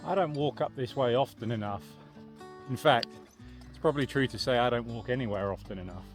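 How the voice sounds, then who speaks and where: A man's voice: medium pitch, brisk. Man, walking vlog, chatty, thinking aloud, outdoors, faint music. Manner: chatty, thinking aloud, understated British phrasing. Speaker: outdoor vlogger. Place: outdoors on a country lane and hillside.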